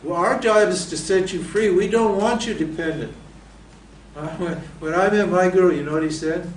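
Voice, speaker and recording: Lecturing students as a Vedanta teacher, this man asks rhetorical questions about spiritual texts and then supplies the answers. He speaks at normal speed in a high-pitched voice, recorded from a distance with roomy echo and a bit of background noise.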